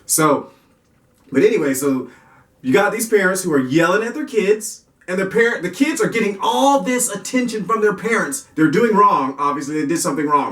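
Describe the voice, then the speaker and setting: A man's voice: high-pitched, lively intonation, brisk, a bit bright. A man giving a casual, folksy Christian parenting talk who often repeats himself and restarts his sentences. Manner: folksy, repetitive, restarts and chuckles. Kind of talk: casual faith-based talk. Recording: roomy echo, distant mic.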